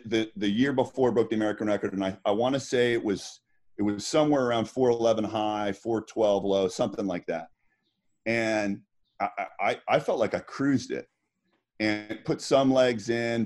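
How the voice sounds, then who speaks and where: A man's voice: fairly low pitch, darkish tone. Middle-aged man telling stories casually. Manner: rambling, lots of restarts and fillers. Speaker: guest, former swimmer. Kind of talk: casual storytelling.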